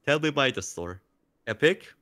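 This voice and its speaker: A man talking as a guest in a casual interview, excitable and jokey, slipping into playful mock voices. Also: medium pitch, normal speed. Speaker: interview guest, content creator.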